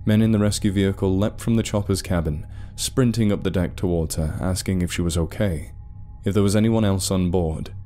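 Deep-voiced male story narrator. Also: warm tone, soft background music. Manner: measured, dramatic storytelling.

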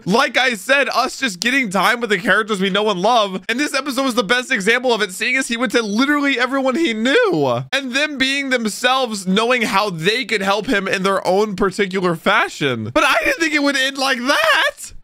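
A man's voice: high voice, no echo, clean studio sound. A young man giving casual, emotional commentary while reacting to an anime episode, often calling out "bro". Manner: excitable, emotional, says bro a lot.

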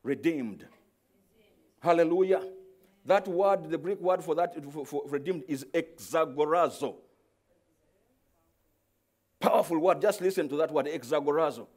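A man preaching a sermon as pastor, moving from soft, low explaining to loud, stretched-out cries, and often repeating words as he searches for the next one. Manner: swings from quiet explaining to shouted, drawn-out exclamations.

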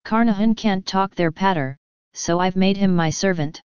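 A woman voicing an Englishman disguised as a mad wandering priest, speaking in a loud, slow, proclaiming way. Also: mid-range voice, smooth, no echo, highs cut off, lightly acted. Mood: sly.

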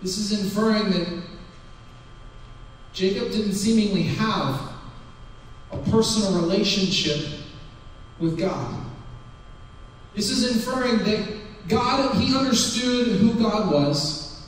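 A man with a fairly high voice gives a sermon and retells the story in relaxed, everyday words. He is heard from a distance in a church hall with long reverb and some faint background hiss. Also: takes it slowly, long pauses. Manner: retells the story in a casual, conversational way. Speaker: preacher. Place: church sanctuary.

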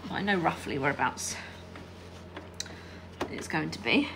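This quilting teacher has a low, gravelly, animated voice and takes her time, talking chattily while she irons and sews and frequently checking in with "all right?" There's background noise.

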